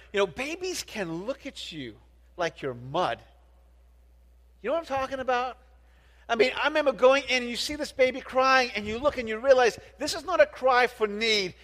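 A high-pitched, middle-aged man preaches a sermon with earnest conviction, now and then tripping over a word and starting it again. He keeps asking the congregation questions. His voice rings out with a long tail of reverb in a big hall. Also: a bit bright. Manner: earnest, often restarts words and asks the congregation questions. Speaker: pastor.

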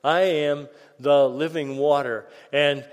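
A man's voice: fairly high pitch, steady tone, slow. Man preaching in a reverberant sanctuary. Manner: conversational, jokey asides. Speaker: pastor. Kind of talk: sermon. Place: church sanctuary. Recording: long hall reverb.

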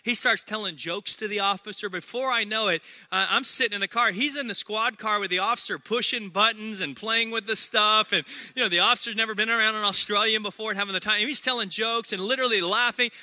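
High, bright-voiced pastor preaching. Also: male voice, quick pace, hardly any pauses, no room sound. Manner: energetic, humorous preaching with repeated phrases. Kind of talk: sermon.

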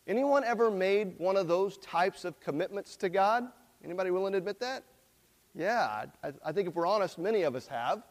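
A man's voice: high voice, animated, a little fast. A male pastor giving a sermon in a church, talking conversationally and putting questions to the congregation. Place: church sanctuary. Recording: long reverb in a large hall.

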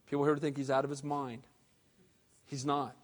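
A man preaching a sermon as pastor, animated and conversational, with casual slang. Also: medium pitch, moderate pace. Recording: long hall reverb.

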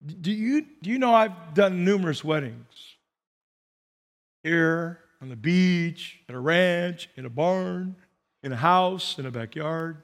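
Male pastor, high voice, animated sermon storytelling, long hall reverb. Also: measured pace. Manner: animated storytelling with repetitions and asides.

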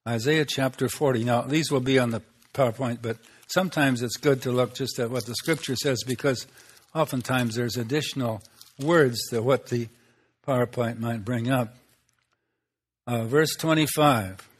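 A man's voice: mid-range voice, moderate pace, slightly rough. A man preaching a sermon, folksy and conversational, with rhetorical questions and frequent chuckles. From Swedish Lutheran background. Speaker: pastor.

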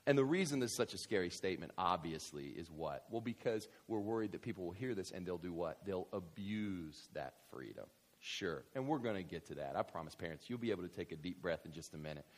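Animated husky-voiced male pastor preaching. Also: lowish voice. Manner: conversational and animated, swinging from hushed asides to fired-up exclamations. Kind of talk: sermon. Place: church hall with congregation.

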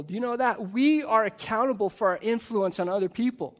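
Man, pastor, earnest sermon, high-pitched voice, emphatic, rhetorical questions. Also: fairly quick, hardly any pauses, fairly bright tone. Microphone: microphone at a pulpit.

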